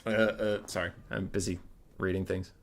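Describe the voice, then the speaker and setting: A man's voice: low-pitched, level tone, normal speed, creaky. A man casually commenting on a strategy game and telling a silly story, wry and easily distracted. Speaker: gaming streamer.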